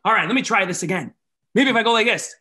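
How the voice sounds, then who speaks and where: A man performing a magic show for children, animated and leading the audience in call-and-response. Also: high voice, fast. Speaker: maker magician giving keynote.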